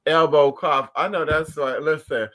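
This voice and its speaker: Guy livestreaming, bright sharp voice, sassy and swearing a lot while telling stories to chat. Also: on the high side, measured pace, slight background noise. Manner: animated, profane and sassy storytelling. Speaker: livestream host. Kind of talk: casual chat with viewers.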